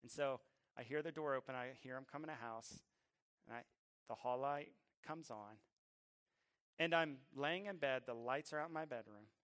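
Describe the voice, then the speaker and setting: A middle-aged man preaching a sermon, moving between a hushed storytelling voice and loud, drawn-out emphatic preaching. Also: mid-range voice. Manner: drawn-out emphatic phrasing at peaks. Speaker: pastor.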